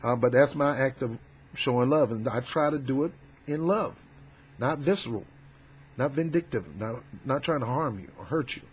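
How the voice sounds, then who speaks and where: A man doing a casual political commentary vlog, talking in a fervent, preachy, colloquial way with loud emphatic outbursts. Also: mid-range voice, normal speed, a little hiss or hum. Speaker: YouTube commentator.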